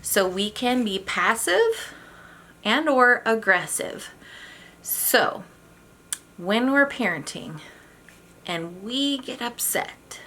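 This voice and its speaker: Bright-voiced woman hosting a parenting talk. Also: medium pitch, a little hiss or hum. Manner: candid, self-deprecating, demonstrates tones. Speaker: parenting educator host. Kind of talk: casual instructional talk.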